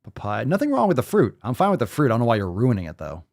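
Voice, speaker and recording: Male fitness host on a live stream, swearing freely, lively swooping pitch, mid-range voice. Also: rapid-fire. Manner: profane, ranting, energetic.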